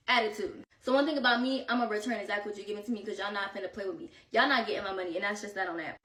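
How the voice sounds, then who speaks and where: A young woman hosting a podcast, telling a story in an animated, casual way full of slang. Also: mid-range voice, racing, few pauses, distant mic. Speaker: podcast host. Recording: roomy echo, set back from mic.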